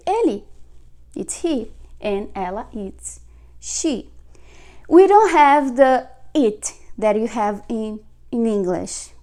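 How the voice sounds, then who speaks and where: Slow Brazilian woman teaching vocabulary. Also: a little high, darkish tone. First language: Portuguese. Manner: repeats words slowly for learners, frequent "okay?" check-ins. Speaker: Portuguese teacher. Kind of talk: casual video lesson.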